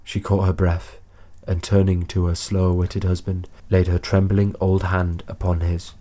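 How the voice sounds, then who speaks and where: A man reading a classic story aloud as narrator, measured and unhurried. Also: low-pitched, completely flat delivery, dark tone.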